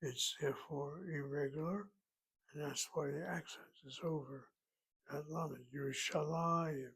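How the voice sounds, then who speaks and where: Gravelly, husky man teaching slowly. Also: fairly high pitch, steady tone, low-quality recording. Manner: slow, methodical, thinking aloud. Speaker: Hebrew teacher. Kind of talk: recorded Hebrew grammar lesson.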